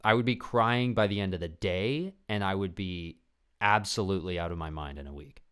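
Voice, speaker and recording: A man's voice: low-pitched, a little fast, a bit bright, smooth. A young man hosting a podcast in a casual, rambling, profane chat. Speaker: podcast host.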